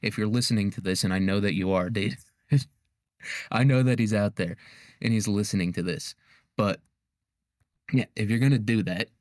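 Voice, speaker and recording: Young man, podcast host, low voice, crude rambling jokes, laughs a lot, dry close sound. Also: moderate pace, pauses often, a little mellow, dry recording. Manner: crude, rambling, laughs often, heavy slang. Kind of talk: casual comedic history monologue.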